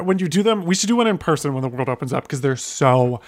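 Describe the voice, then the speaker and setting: A man's voice: high-pitched, sing-song, fairly bright tone. Chatty man as podcast guest. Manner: chatty, laughing, quick self-corrections. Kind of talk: casual podcast chat.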